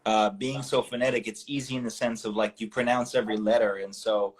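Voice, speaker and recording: A man's voice: on the low side, steady tone, fairly quick, slight background noise. A man in his thirties chatting casually on a live stream, explaining things in an easygoing way with fillers. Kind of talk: casual chat.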